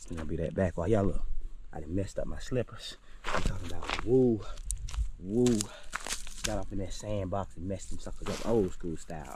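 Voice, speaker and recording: A man's voice: low-pitched, dark tone, a little hiss or hum. Folksy man vlogging outdoors. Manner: folksy, repeats his phrases, talks straight to viewers. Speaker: homestead vlogger. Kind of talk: casual talk to camera while working. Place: outdoors in a yard.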